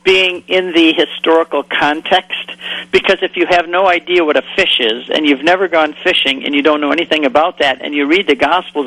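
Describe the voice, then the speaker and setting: A man's voice: fairly high pitch, no room sound, poor audio. Man telling stories in a raised, dry voice. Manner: lively storyteller who acts out quoted voices. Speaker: guest. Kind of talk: storytelling in a faith talk show.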